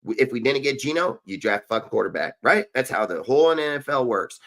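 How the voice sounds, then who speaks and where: A man's voice: medium pitch, expressive, a little fast, a bit bright. Fired-up profane man in a sports rant. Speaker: podcast host. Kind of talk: heated sports talk rant.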